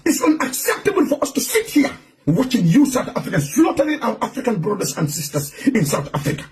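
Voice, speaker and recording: A man's voice: extremely high pitch, huge pitch swings, brisk, background noise. A man delivering an angry, profane, repetitive rant to his online audience. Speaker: online commentator.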